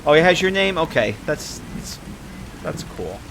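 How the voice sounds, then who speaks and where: Male game streamer, lively mid-high voice, casual running commentary. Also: moderate pace, a little hiss or hum. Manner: chatty, talks to viewers and game characters.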